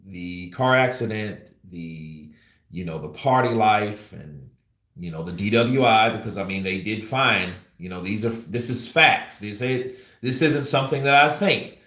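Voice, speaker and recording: A man's voice: on the low side, animated, measured pace, pushed and bright. Guy riffing on boxing news, lots of um and you know, blunt, echoey room. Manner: rambling, filler-heavy, blunt. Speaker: boxing commentator. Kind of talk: casual commentary. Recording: roomy echo.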